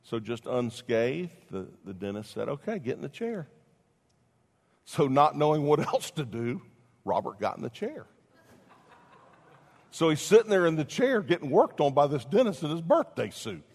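A pastor preaching a sermon, telling a story with lively swings between loud and hushed delivery. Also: male voice, on the high side, normal speed, husky, in a large hall.

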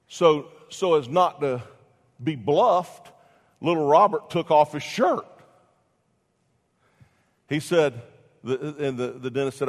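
A pastor preaching a sermon, telling a story with lively swings between loud and hushed delivery. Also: male voice, on the high side, unhurried, in a large hall.

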